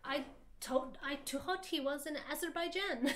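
A woman's voice: high voice, normal speed. A woman guest on a livestream reading fan fiction aloud in a mock-dramatic way, often laughing. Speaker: guest co-streamer.

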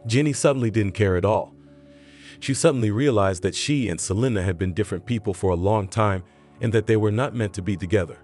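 A man narrating a scripted story in a steady, even reading voice. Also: on the low side, brisk, soft background music.

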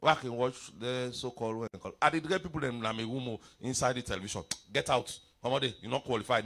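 A middle-aged man preaching a revival sermon, mixing pidgin into his English with sudden shouts and playful asides. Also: medium pitch, fairly quick.

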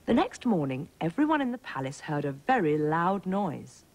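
A woman presenting a schools programme, reading a storybook to young children in a gentle, clear, sing-song way. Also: on the low side, sing-song, normal speed, rough recording.

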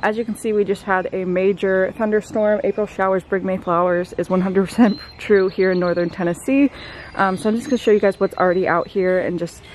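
A woman vlogger giving a relaxed, chatty tour of her backyard garden outdoors, talking to the camera as she walks around. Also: mid-range voice, a little fast, a little hiss or hum. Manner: chatty, relaxed, filler-heavy. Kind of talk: casual walk-through vlog.

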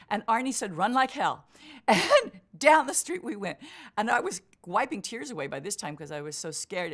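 An older woman being interviewed, telling a story with lively acted-out quotes. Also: fairly low pitch. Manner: vivid storyteller acting out quotes. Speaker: interviewee, marathon runner.

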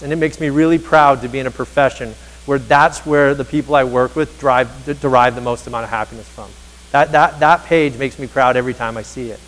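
A man giving a motivational keynote to educators, telling stories and acting out the dialogue with energy. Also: medium pitch. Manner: energetic storyteller, acts out dialogue. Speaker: keynote speaker on teacher happiness. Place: large conference hall. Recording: reverberant hall.

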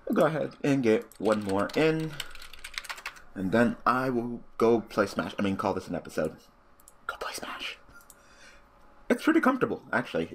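A man giving casual let's-play commentary, cursing freely and breaking into loud, excited outbursts and laughter. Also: fairly low pitch, slight background noise. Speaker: gaming commentator.

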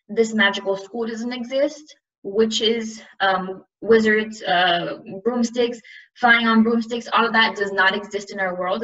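A woman's voice: medium pitch, fairly bright tone, recorded from a distance, highs cut off. A woman teacher reading a novel aloud, then explaining it to her class in a casual, chatty way.

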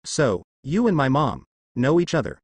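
A man's voice: mid-range voice, sing-song, moderate pace, slightly rough, no room sound. A man reading as an exasperated teenage boy. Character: blunt teenage boy demigod.

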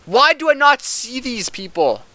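A man's voice: very high-pitched, very animated, a little slow, sharp tone, no echo. A young man giving casual commentary over a hockey video game, frustrated and ranting with swearing. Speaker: gaming commentator.

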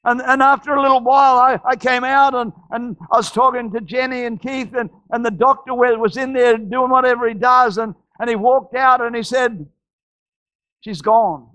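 A man preaching a sermon as pastor, telling stories with frequent restarts and shouted climaxes. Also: extremely high pitch, fairly even intonation, a little fast, hardly any pauses, no echo. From Australia.

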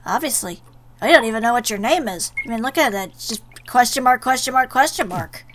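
A woman's voice: on the high side, animated, fairly quick, slight background noise. A young woman playing a video game and commenting, exasperated and swearing at it. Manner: exasperated, swears at the game, reads game text aloud. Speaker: let's play gamer. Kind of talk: let's play commentary. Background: faint game music.

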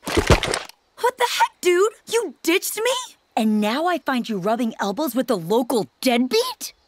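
A woman voicing an excitable, dramatic teenage girl in a cartoon, sometimes sarcastic. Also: high voice, slow pace, no echo, full character voice. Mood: indignant. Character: excitable teenage girl trapped in a frog world. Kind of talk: cartoon voice acting. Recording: music playing behind.

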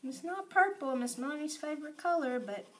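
A woman teaching preschool circle time, talking slowly in an exaggerated sing-song way and dropping to whispers for effect. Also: sits high, slight background noise. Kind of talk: circle time lesson for young children.

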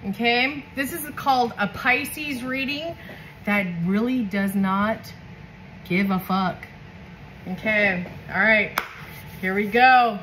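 A woman from California giving a casual tarot reading, excitable and heavily profane, often laughing. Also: fairly high pitch, slow, a little hiss or hum, poor audio. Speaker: tarot reader.

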